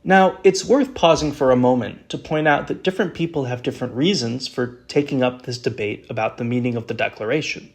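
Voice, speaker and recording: Man, podcast host, scripted history narration, earnest, explanatory, mid-pitched voice. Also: fairly quick, few pauses. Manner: earnest, explanatory, reads quotes aloud.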